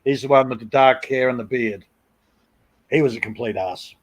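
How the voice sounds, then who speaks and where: A man's voice: medium pitch, normal speed, breathy edge. A middle-aged man with an Australian accent, telling long rambling stories at home and swearing freely on a live stream. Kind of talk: casual storytelling.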